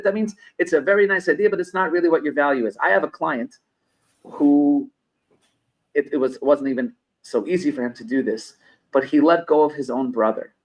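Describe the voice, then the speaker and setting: A man's voice: on the high side, low-quality recording. A middle-aged man from New York, a business consultant and podcast guest, who explains his points through personal anecdotes and repeats phrases for emphasis. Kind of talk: conversational podcast interview.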